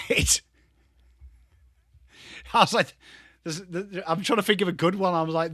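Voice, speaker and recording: An English man hosting a live football watchalong, chatting with his viewers and swearing casually while he calls the play and shouts at big moments. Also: on the high side, lively intonation, measured pace, pauses often, breathy edge, no room sound, studio quality. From England. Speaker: livestream host.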